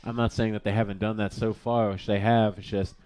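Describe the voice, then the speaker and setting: Low, mellow young male color commentator. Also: little pitch movement, brisk, clean tone. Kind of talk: live sports commentary.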